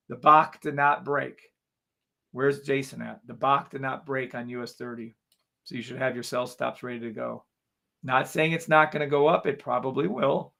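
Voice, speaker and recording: A man's voice: medium pitch, creaky, a bit bright. A man hosting a live trading stream, talking viewers through charts with repeated coaxing calls.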